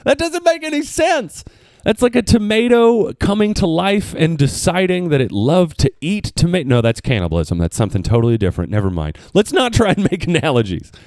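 A man from the hosting a podcast, riffing in a comedic monologue and swooping into high mock voices. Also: big pitch swings, a little fast, few pauses, a little mellow, no echo, studio quality. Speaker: podcast host.

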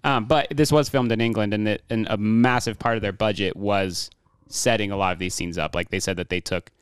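A man's voice: on the low side, steady tone, a little fast, smooth, dry recording, studio quality. A man casually discussing a war film with friends, rambling with many fillers and restarts. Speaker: podcast co-host.

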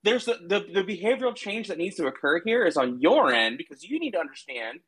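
A man's voice: high voice, big pitch swings, fast talker, fairly bright tone, husky. A man in casual argumentative banter on a call, lecturing his co-host in a mock-patient tone. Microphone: remote call mic.

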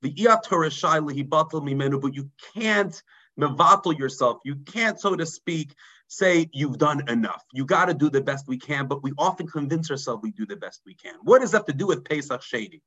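A man, a rabbi telling a story in a mussar sermon, dropping low and quiet for emphasis. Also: lively intonation, brisk, low-quality recording. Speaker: rabbi teaching a mussar class.

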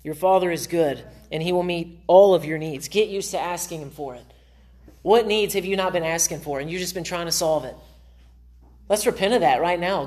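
A man's voice: fairly high pitch, normal speed, a little mellow. A man preaching in a church in an earnest, conversational way. He speaks as a pastor, giving a sermon to his congregation. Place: church sanctuary.

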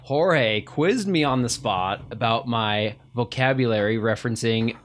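A man's voice: mid-range voice, unhurried, a bit bright, a little hiss or hum. A man co-hosting a gaming podcast, quizzing his friends in a playful, casual chat and laughing often. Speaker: podcast co-host.

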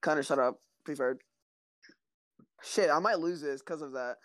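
A man co-hosting a casual podcast while playing a mobile game, loud and excitable, trash-talking his friend. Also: on the high side, normal speed. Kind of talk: casual gaming chat.

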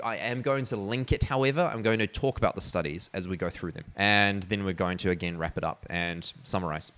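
A man's voice: sits low, fairly bright tone, clear, resonant tone. A man hosting a podcast, explaining ideas in a casual, rambling way with many fillers and restarts, and laughing at his own asides. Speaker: podcast host.

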